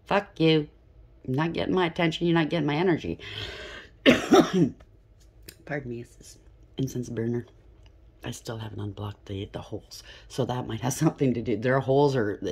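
A woman with a low, husky voice gives a casual tarot reading from a room at home. She talks in an emphatic stream of thought, often pausing to ask "okay?". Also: darkish tone. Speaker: tarot reader. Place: home room with incense burner.

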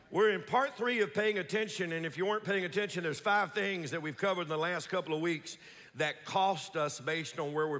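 A man preaching a Sunday sermon as pastor, calling for amens and repeating key words slowly for emphasis. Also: on the high side, a bit bright. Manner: preaching with call-and-response, slow emphatic repetitions. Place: large church sanctuary. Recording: long hall reverb.

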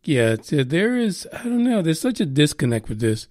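Male podcast host, irreverent and profane, loose rambling delivery, slightly high pitch. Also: sing-song, normal speed, a little mellow, dry recording, clean studio sound. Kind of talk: casual news chat.

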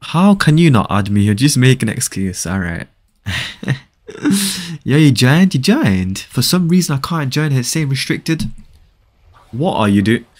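Lively excitable male game streamer. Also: mid-range voice, unhurried, long pauses. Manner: excitable, repeats phrases, reads chat aloud. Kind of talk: casual live-stream chat with viewers.

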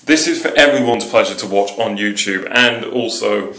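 A man's voice: on the low side, moderate pace, pushed and bright. A young man from England with an English accent, joking and rambling cheekily in a casual vlog. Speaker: vlogger. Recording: echoey room.

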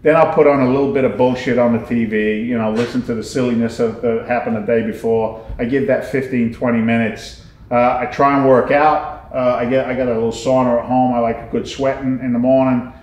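Animated slangy man in an echoey room. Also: mid-range voice, fairly quick, a little hiss or hum. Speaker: guest, business owner. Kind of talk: casual interview chat.

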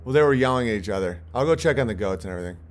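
A man's voice: mid-range voice, animated, rapid-fire. A man talks into his phone outdoors on a farm at night. He rambles and swears, cracks jokes, laughs often, and acts spooked in jest, all in his plain everyday voice. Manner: profane, joking, mock-spooked, laughs often. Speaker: livestream host. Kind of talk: casual rambling livestream talk.

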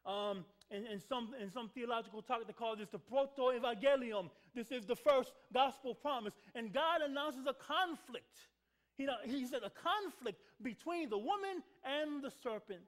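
A male pastor delivers a sermon in a church sanctuary. His voice sits very high and moves a lot, rising and falling. He keeps asking the congregation to answer back and doubles up his words for emphasis. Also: lively intonation, normal speed, fairly bright tone. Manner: call-and-response with the congregation, repeats words for emphasis.

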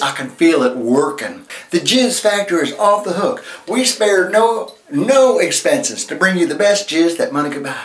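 A man doing a campy, hyped male pitchman. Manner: over-the-top sales patter, squealing with excitement. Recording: echoey room.

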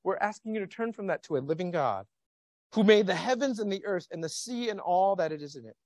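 Animated male pastor preaching. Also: sits high, fairly quick, no room sound. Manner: animated, questioning the congregation. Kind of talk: sermon. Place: church sanctuary.

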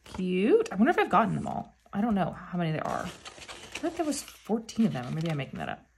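A woman's voice: on the low side, fast talker, creaky, slight background noise. Gushing woman unboxing albums. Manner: gushing, with frequent excited gasps. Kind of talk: casual unboxing chat.

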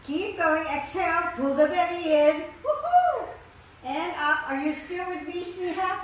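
A woman fitness instructor leading a core workout, counting breaths and cheering with loud whoops. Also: very high voice, fairly even intonation, normal speed, far from the mic, a little hiss or hum. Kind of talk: guided core workout class. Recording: echoey room, voice from off-mic.

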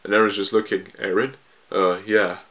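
A man's voice: lowish voice, level tone, normal speed, fairly bright tone. A man casually reading a manga chapter aloud and reacting to it, quoting the characters and laughing often.

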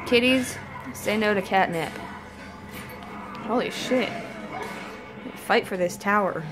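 A woman's voice: medium pitch, slow pace, music in the background. A woman chatting casually to her cats at home, laughing, teasing and swearing as she films them. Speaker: cat owner filming her pets. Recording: noisy home video.

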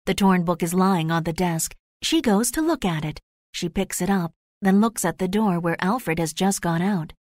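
A woman reading the narration of a graded storybook, slow and clear. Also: on the low side, darkish tone, no room sound, clean studio sound. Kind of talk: scripted narration of a graded reader.

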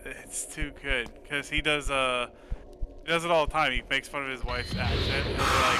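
A man's voice: mid-range voice, fairly even intonation, normal speed, heavy background noise. A young man chatting casually and with amusement, retelling a funny video. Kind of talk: casual chat.

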